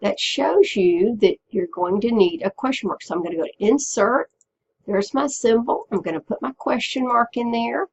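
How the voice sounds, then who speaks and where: A woman teacher walking students through a software tutorial step by step, patiently checking in with them as she goes. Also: on the high side, normal speed, husky, highs cut off. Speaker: Spanish teacher. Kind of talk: screen-recorded software tutorial.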